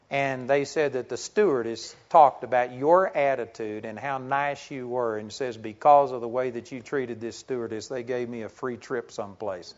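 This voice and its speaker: A male pastor preaching to a congregation in a conversational sermon style, full of rhetorical questions and personal stories. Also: on the high side. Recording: dull lo-fi sound.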